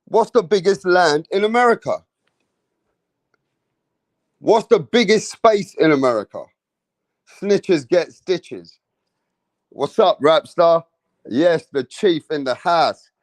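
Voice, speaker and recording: English man, boxing stream host, casual, jokey, swears, slightly high voice, dry close mic. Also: animated, a little slow, pauses often, dry recording. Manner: casual, joking, swears freely, addresses viewers. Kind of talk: live stream chat.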